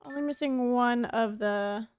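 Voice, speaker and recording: A woman with a high voice chats playfully through a game stream, greeting her viewers as she goes. She speaks at an unhurried pace. The sound is close and dry, with no room around it. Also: smooth, no room sound. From Canada. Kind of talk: casual chat while streaming a game.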